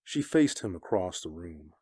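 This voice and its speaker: A man narrating a story, reading in a grave and measured way. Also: deep voice, sing-song, dark tone, slightly rough, no echo, clean studio sound. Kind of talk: scripted narration of pulp fiction.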